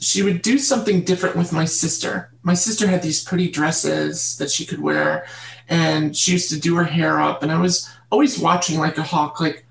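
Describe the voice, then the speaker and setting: A woman guest in an interview, telling her childhood story in an earnest, halting way and repeating words. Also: on the low side, creaky. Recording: roomy echo.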